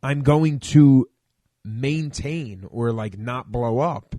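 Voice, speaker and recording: A man in his thirties with a South Philadelphia accent, an animated, joking comedian chatting as a podcast guest. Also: mid-range voice, slow, no room sound. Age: 30s. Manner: animated, joking, says bro and dude. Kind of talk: casual chat.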